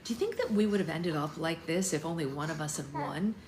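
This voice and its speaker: A woman's voice: sits low, brisk, darkish tone, echoey room, slight background noise, natural voice. A woman reading a novel aloud, voicing a good-humored young man in a light, friendly way close to her own voice.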